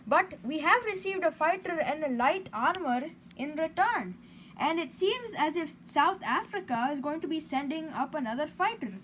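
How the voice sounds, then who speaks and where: High-voiced joking woman player. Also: lively intonation, moderate pace, fairly bright tone, low-quality recording. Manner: jokey, puts on an Australian slang voice. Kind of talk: joking in-character game chat. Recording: light background noise.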